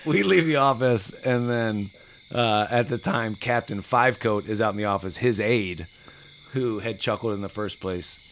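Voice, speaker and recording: A man in his forties, a podcast guest, telling casual stories in an animated way and acting out other people's lines. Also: on the low side, normal speed, a little hiss or hum. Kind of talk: casual storytelling.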